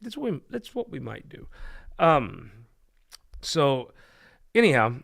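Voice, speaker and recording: This man's voice sits a little high and moves slowly, swinging widely in pitch, with a gravelly yet fairly bright sound. He hosts a political talk show, telling jokes in a rambling, irreverent chat and laughing at his own punchlines.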